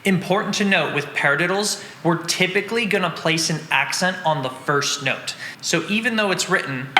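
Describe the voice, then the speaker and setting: A man's voice: on the high side, echoey room, big-room sound, noisy background. A man teaching drums, patiently explaining and counting out strokes in an instructional lesson. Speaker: drum teacher.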